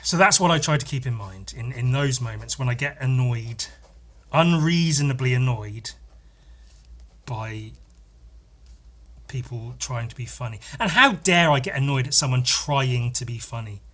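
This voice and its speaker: A man's voice: medium pitch, lively intonation, moderate pace, a bit bright. A man from Scotland hosting a podcast, riffing in a profane, self-mocking, rambling comic monologue. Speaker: podcast host. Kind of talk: casual comedic monologue.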